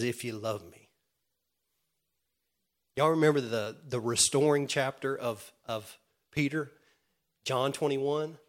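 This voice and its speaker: A man preaching a sermon in an earnest way, with many restarts, moving from loud calls to the congregation to quiet retelling. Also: mid-range voice. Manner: earnest, swings from loud calls to soft storytelling; stammering restarts.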